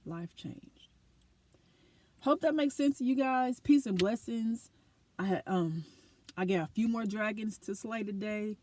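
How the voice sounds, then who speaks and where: A woman's voice: a little high, moderate pace, mellow. A woman talking earnestly and animatedly to her camera in a personal vlog, reflecting on her life. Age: adult with a school-age daughter. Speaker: vlogger.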